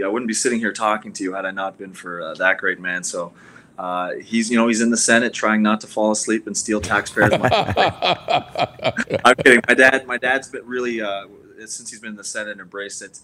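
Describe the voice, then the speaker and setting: Bright-voiced man, rambling interview guest. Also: on the low side, fairly even intonation, fairly quick, poor audio. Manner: rambling, many fillers and restarts. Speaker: guest, league ambassador. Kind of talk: casual radio interview.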